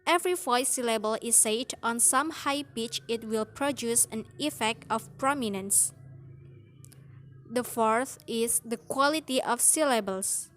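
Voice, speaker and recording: Slow-reading young woman student. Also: a little high, fairly bright tone, slight background noise. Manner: slow, careful reading with spoken example words. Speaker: student presenter. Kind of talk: read-aloud class presentation.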